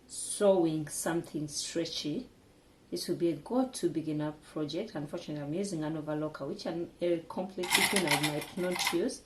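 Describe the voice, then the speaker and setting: A woman with a fairly low voice walks through a sewing project in a relaxed tutorial manner. She talks as she works, stopping to rephrase and correct herself. A faint hum of background noise sits under her voice. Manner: explains as she works, often restarting and correcting her words. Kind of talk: casual step-by-step tutorial.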